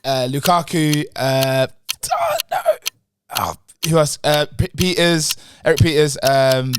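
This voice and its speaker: A man's voice: fairly high pitch, wildly swooping pitch, noisy background. A young man, a podcast guest, chatting casually with frequent laughter and pleading asides. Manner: laughing, pleading, quick bursts. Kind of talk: casual chat.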